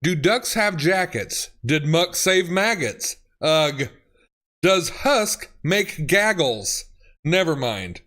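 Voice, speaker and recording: A man's voice: a little high, very animated, slow pace, bright, forceful tone. Laughing man reading texts aloud. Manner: laughs often, reads lines with swearing and exclamations. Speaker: YouTuber reading autocorrect fails. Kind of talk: comedic reading and reacting.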